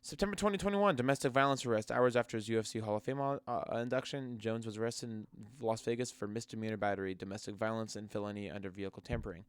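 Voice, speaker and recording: A man's voice: lowish voice, fast, hardly any pauses, clear, resonant tone, dry recording. A man giving casual, sarcastic reaction commentary on MMA fighters and ranting with many restarts.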